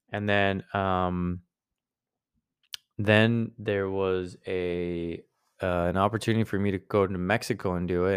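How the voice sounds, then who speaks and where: Guy with a real low voice, rambling podcast monologue, smooth and close, dry sound. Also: no echo. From United States. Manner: rambling, searching for words, many restarts. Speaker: podcast host. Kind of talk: casual personal monologue.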